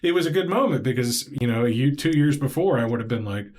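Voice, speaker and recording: A man's voice: medium pitch, fast talker. A man with a Southern US accent hosting a podcast, chatting casually and rambling as he acts out what people said. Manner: rambling, animated, acts out quoted voices. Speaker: podcast host. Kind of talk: casual interview chat.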